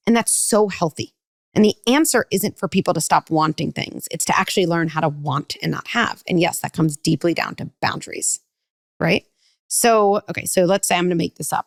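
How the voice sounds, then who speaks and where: Animated woman with a gravelly low voice. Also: no room sound, clean studio sound. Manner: fast, animated, acts out kids and parents with voice shifts. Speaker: parenting expert guest. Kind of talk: podcast conversation.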